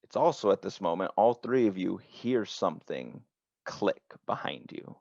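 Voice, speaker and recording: A man narrating as game master for a tabletop game, slow and halting with many restarts. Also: sits low, big pitch swings, creaky, darkish tone, no echo. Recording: dry, dull lo-fi sound.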